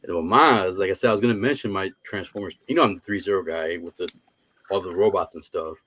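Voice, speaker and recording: Casting: relaxed man, lowish voice, casual collector chat over a video call. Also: quick pace. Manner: easygoing, says "man" a lot. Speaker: collector, stream guest.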